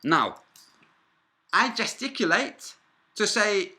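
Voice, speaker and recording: Forceful profane man ranting. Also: sits high, sing-song, takes it slowly, breathy edge. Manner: combative, profane, rambling asides. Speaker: vlogger. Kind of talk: angry first-person storytelling.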